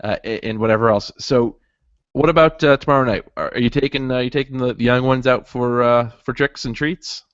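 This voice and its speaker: Chatty podcast host, lo-fi sound. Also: male voice, mid-range voice, dry recording. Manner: chatty, laughs easily, halting with many restarts. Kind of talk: casual chat. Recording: dull lo-fi audio.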